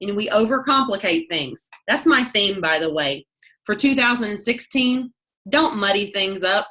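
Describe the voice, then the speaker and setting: A woman leading a team training call, talking fast in a chatty way and often breaking off mid-sentence. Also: medium pitch, expressive, pushed and bright. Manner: fast, chatty, self-interrupting. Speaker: network marketing team leader.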